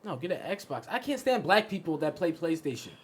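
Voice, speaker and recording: A man's voice: fairly high pitch, a little fast, slight background noise. A man from the American South hosting a casual comedy podcast, acting out people in his stories. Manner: animated, acts out characters in bits. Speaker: podcast host.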